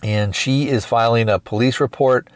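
A man's voice: medium pitch, fairly even intonation, normal speed, no echo. A man hosting a podcast, retelling a film plot in a rambling, hesitant way with many restarts. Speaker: podcast host. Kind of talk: casual movie review recap.

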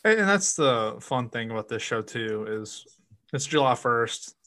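Bright-voiced, dry-sounding male co-host. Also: medium pitch, animated, a little slow, no room sound. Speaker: podcast co-host. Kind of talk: casual sports talk.

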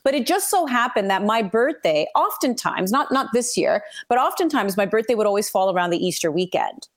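A woman's voice: medium pitch, brisk. A woman sports broadcaster chatting casually on a podcast and acting out other people as she tells a story. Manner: animated storyteller who acts out others.

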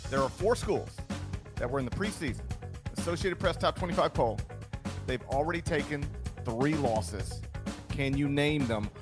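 A man's voice: on the high side, normal speed, music in the background. A man from the Southern US with a faint Southern accent, co-hosting a podcast in joking, laughing banter. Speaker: co-host.

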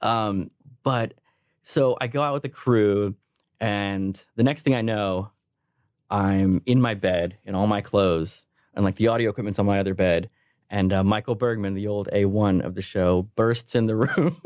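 A man in his thirties, a sound engineer guesting on a podcast, telling a funny story in a lively way and laughing often. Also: lowish voice, normal speed, dry recording, clean studio sound. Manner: animated, laughing while telling stories. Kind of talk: casual storytelling.

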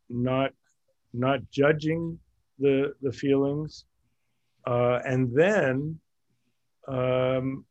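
A middle-aged man hosting a casual group discussion, halting and self-correcting as he talks, often laughing. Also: medium pitch, a little mellow, dry recording, highs cut off.

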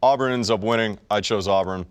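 A man's voice: lowish voice, a little fast, dry recording. A young man co-hosting a podcast, chatting casually and sarcastically about sports. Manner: wisecracking, sarcastic. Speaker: podcast co-host.

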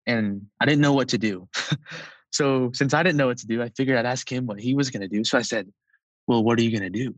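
A man in his twenties telling a personal story in a casual, conversational way, with lots of "like" and soft laughs. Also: medium pitch, fairly quick, no echo, rough recording. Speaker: storyteller recounting a personal experience.

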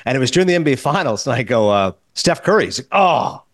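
A middle-aged man hosting a podcast, chatting casually and telling animated stories. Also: medium pitch, dry recording. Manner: fast, animated storyteller. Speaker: podcast host. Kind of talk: casual interview chat.

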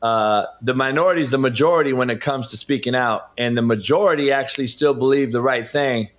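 A Californian man, a podcast host and former coach, appears as a guest and talks in a heated, emphatic, preachy way during an interview. His mid-range voice has a fairly bright tone and moves a little fast. The audio sounds dull.

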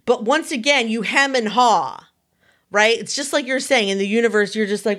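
Bright animated woman in her forties. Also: a little high, moderate pace. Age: 40s. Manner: animated storyteller who acts out quotes. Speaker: podcast co-host. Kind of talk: casual chat.

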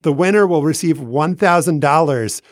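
A man's voice: a little high, moderate pace, no echo, clean studio sound. A man co-hosting a podcast, setting up a story in a playful, theatrical way during a casual chat. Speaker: podcast co-host.

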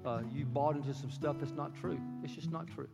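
A man preaching a sermon as a pastor, swinging from loud, soaring lines to hushed whispers. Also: a little high, a little fast, gravelly. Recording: reverberant hall with music underneath. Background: soft guitar music.

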